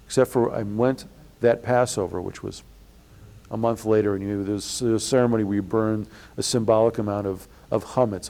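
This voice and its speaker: Guy with a rough low voice, rambling indignant stories in an interview. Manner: rambling, restarts often, acts out quoted people loudly. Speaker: interviewee, blogger. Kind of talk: storytelling in an interview.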